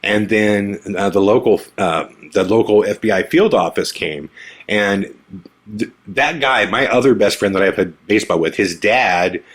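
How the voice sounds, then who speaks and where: Laughing, lower-voiced male podcast host. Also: normal speed. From Omaha area, USA. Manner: animated, laughs often, acts out quoted lines. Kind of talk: casual storytelling.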